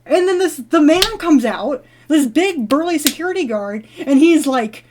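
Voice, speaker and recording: A woman's voice: high voice, expressive, normal speed, background noise. A woman vlogger telling a long story in a casual, rambling, giggly way while she plays a game. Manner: rambling, giggly, with many fillers and restarts. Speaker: gaming vlogger.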